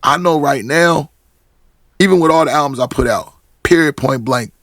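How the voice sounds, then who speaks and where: A man's voice: fairly high pitch, normal speed, a bit bright, no echo, clean studio sound. A middle-aged man from Portland, a rapper talking as a podcast guest in casual chat, telling stories with many restarts and acted-out quotes. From Portland, Oregon.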